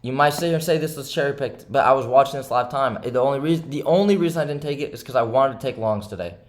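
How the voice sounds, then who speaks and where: A young man records a frustrated talk to his viewers right after a losing trade. His pitch sits in the middle for a man, and he keeps repeating himself and tagging "right?" onto his points. He moves between heated bursts and quiet, subdued stretches. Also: quick pace. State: frustrated and upset. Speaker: day trader and channel host. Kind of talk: frustrated self-talk to camera.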